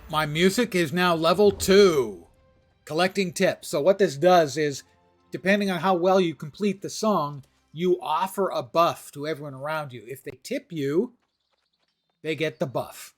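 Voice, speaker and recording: A man's voice: fairly high pitch, a little slow, soft background music. A man streaming a video game live, chatting casually and joking at his own expense. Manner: self-deprecating, joking.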